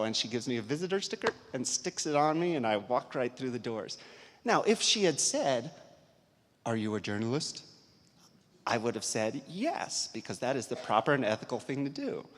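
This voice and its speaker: Man, investigative reporter, lively storyteller, conference talk, long hall echo. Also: mid-range voice. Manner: lively anecdotal storyteller, reads aloud then chats. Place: large convention hall. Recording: echoey hall.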